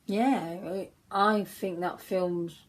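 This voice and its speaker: A woman chats her way through a makeup look on her own channel. She wanders from point to point and restarts her sentences often. Her pace is unhurried and her voice sits a little low. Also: steady tone, rough recording. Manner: rambling, chatty storytelling with many restarts. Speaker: beauty vlogger. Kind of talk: casual chat while doing makeup.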